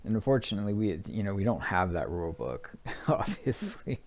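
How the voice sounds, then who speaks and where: A man with a very low voice comments casually after a clip he has played. He talks in a halting, searching way, with many fillers and restarts. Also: very animated. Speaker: video host.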